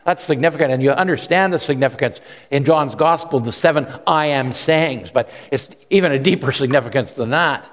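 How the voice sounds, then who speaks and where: A man with a mid-range voice preaches fairly quickly, the space around him sounding large. His delivery stays conversational, full of repeated words and animated voices whenever he quotes someone.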